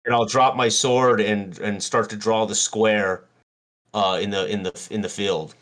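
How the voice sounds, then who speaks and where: Male player, lowish voice, deliberate and pausing. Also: steady tone, a bit bright. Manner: deliberate, with pauses and restarts. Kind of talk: casual tabletop game play.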